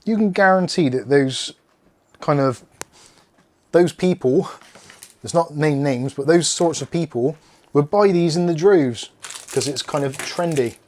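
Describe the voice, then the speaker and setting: A man's voice: a little high, unhurried, pauses often, a little mellow. A man from England hosting a casual unboxing video, rambling and joking while he chats with his household and his viewers. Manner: rambling, jokey, talks to pets and chat. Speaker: tech video host.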